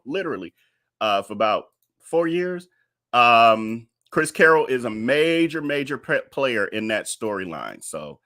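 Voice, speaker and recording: Chatty man with a bright voice. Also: mid-range voice. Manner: chatty, with fillers and laughs. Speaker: host. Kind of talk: casual live-stream commentary.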